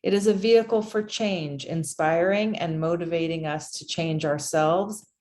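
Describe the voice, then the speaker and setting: Low-voiced woman reading a mission statement. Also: normal speed. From United States. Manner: steady, formal reading. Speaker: congregation member. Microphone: video call.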